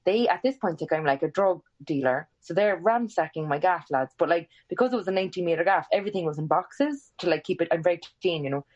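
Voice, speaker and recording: The speaker is a young Irish woman in her twenties, a podcast guest rattling off a story fast with hardly a pause. She's casual, expressive and profane, acting out dialogue with sharp swings in pitch, all on dull-sounding audio.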